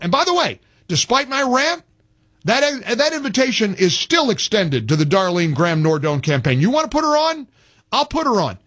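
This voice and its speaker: A man's voice: sits high, sing-song, normal speed, a bit bright. A man hosting a political talk radio show, ranting in a fired-up, emphatic way with lots of repetition.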